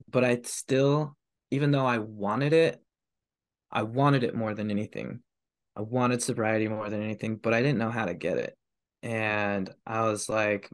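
A man's voice: on the low side, steady tone, normal speed. A man in his thirties telling his personal story as a podcast guest, candid and confessional, swearing heavily. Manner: heavy swearing, raw and confessional.

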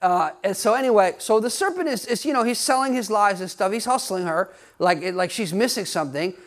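A male pastor with a high-pitched, animated voice preaches a sermon a little fast, speaking emphatically and directly to his congregation. He often puts questions to them and laughs now and then.

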